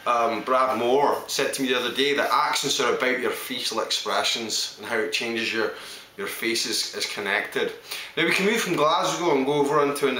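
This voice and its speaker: A man chats through an accent showreel, sliding from one regional English accent to the next with easy confidence. His voice is bright and forward, with a middle pitch. The room around him is echoey. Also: slight background noise. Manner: hops between English accents, chatty and self-assured. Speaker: actor showing accents.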